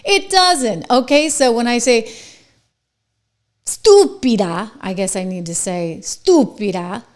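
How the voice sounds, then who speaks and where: A woman's voice: on the high side, big pitch swings, moderate pace. A middle-aged woman hosting a political commentary monologue, sarcastic and mocking.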